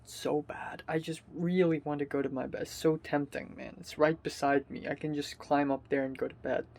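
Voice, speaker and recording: A man's voice: a little high, little pitch movement, gravelly, darkish tone. Drowsy young man rambling at home. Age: young adult. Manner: rambling, halting, with frequent fillers and swearing. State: sleepy and tired. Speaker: college student vlogger. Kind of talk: casual video diary. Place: his bedroom at home. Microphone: self-filmed camera.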